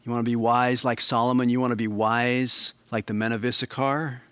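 A man preaching a sermon in a mid-pitched voice. He swings from hushed, drawn-out emphasis to animated, raised passages. The sound is dry and close. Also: clear, resonant tone, no echo. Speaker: pastor.

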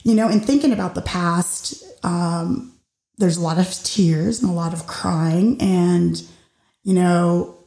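A woman's voice: on the low side, takes it slowly, gravelly, dark tone, echoey room. A woman hosting her own show, musing thoughtfully and a little hesitantly in a casual monologue. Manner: thoughtful, hesitant, with many fillers and restarts. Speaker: podcast host.

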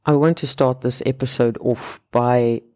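A man's voice: medium pitch, fairly even intonation, measured pace, darkish tone. A man hosting a solo podcast on fat loss, talking in a chatty way and often rephrasing and repeating his points.

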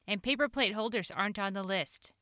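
A woman's voice: medium pitch, brisk, bright, forceful tone, no echo, close to an everyday voice. A woman reading the lines of a blunt, practical wife in a personal story, in a dry, matter-of-fact way.

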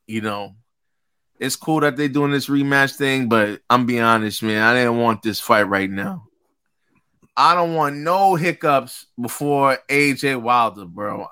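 A man's voice: mid-range voice, bright, forceful tone, smooth. A man co-hosting a live sports talk show, laying out his honest, laid-back take. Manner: candid, laid-back, reasoning. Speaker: co-host. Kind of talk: casual live-show chat.

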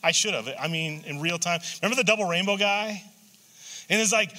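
A high, very bright male voice delivers a sermon from the pulpit. He preaches in a loose, joking way, jumping into asides and restarting his sentences as he goes. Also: brisk. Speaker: pastor.

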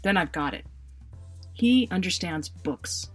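Husky-voiced woman telling a wry story. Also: lowish voice, takes it slowly, faint music behind. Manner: wry, expressive, self-mocking humor. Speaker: writer reading her own story. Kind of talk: personal storytelling read aloud.

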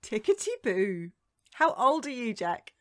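A woman's voice: fairly high pitch, very animated, a little slow, fairly bright tone, dry recording, studio quality. A woman co-hosting a podcast in casual chat, cheerful and teasing. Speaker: podcast co-host.

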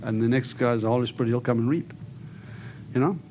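A man preaching and praying over people in an animated, storytelling way. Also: medium pitch, fast, a little hiss or hum. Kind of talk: prophetic ministry preaching and prayer.

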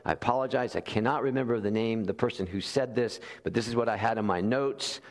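A man's voice: lowish voice, a little fast. A man preaching a sermon, telling stories animatedly and acting out quoted voices. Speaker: pastor. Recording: long hall reverb.

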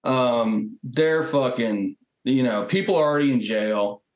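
Here a man of medium pitch, a Marine Corps veteran guest, unhurriedly shares casual stories. Cursing frequently, he animates the tale by performing quotes, and the recording carries an echo.

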